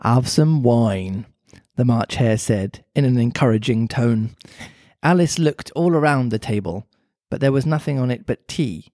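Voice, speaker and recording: A man's voice: mid-range voice, normal speed, dark tone, no echo, studio quality. A man co-hosting a book podcast, steadily reading a classic story aloud between chats. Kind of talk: book-club chat and read-aloud.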